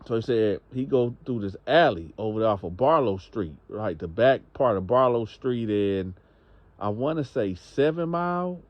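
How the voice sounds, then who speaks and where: A man's voice: on the low side, expressive, moderate pace, no echo, highs cut off. A man narrating a story in a loose, slangy, conversational way.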